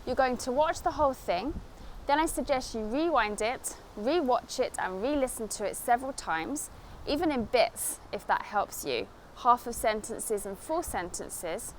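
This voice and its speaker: A fairly high-voiced woman with an estuary London accent gives an English lesson straight to camera, speaking clearly and deliberately. She is recorded outdoors, with faint ambient noise behind her. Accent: South East England estuary London. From England. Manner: clear, deliberate teaching delivery. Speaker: English teacher. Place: outdoors in a city.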